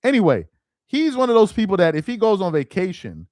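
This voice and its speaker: Lively, chatty man with a fairly high voice. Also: brisk, no room sound, clean studio sound. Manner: animated and talkative, repeats himself, laughs easily. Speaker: live stream host reading viewer chat. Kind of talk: casual live chat.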